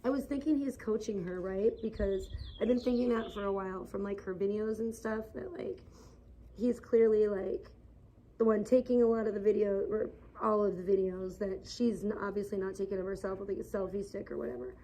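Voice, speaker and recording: A woman's voice: medium pitch, fairly even intonation, a little fast, mellow, a little hiss or hum, low-quality recording. A woman livestreaming outdoors in the sun, rambling and gossiping in a casual, filler-heavy way.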